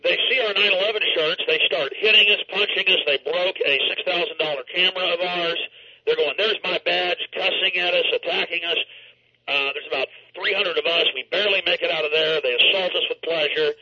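A man's voice: sits high, brisk, bright, forceful tone. A man telling a story dramatically and emphatically in an interview, over a dull lo-fi line. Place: New York.

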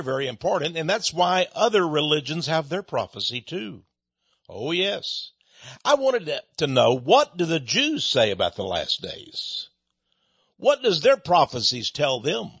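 A man's voice: a little high, fairly bright tone, husky, no echo, muffled recording. A man hosting a radio talk show, ranting in an angry, emphatic, sarcastic way. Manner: angry, emphatic, sarcastic, rises and drops sharply.

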